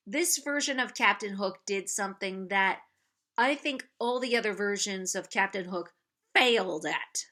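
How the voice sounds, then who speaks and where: A woman giving a casual spoken film review, halting and restarting often and laughing as she talks. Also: medium pitch, bright, forceful tone. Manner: halting, many restarts and self-corrections; laughs often while talking.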